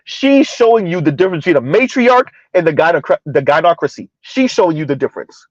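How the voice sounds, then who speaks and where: On a muffled recording without echo, a South Florida commentary host with a high, animated voice reacts emphatically and sarcastically. He drags out words for effect, repeats them, and keeps tossing in a rhetorical "huh?".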